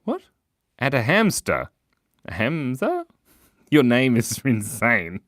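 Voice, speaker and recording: A playful young man chats through a live drawing stream, reading viewer comments and joking as he goes. His voice leaps all over the place in pitch. The sound is dry and close, with no room echo. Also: wildly swooping pitch, slow pace, fairly bright tone. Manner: playful, chatty, reads viewer comments aloud. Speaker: livestream host drawing for viewers. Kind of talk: casual live-stream chat.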